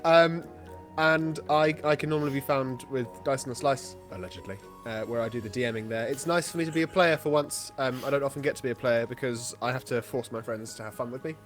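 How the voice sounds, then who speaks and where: A man's voice: medium pitch, brisk, soft background music. A man joining a tabletop game as a guest player, chatting casually in a joking, self-deprecating way.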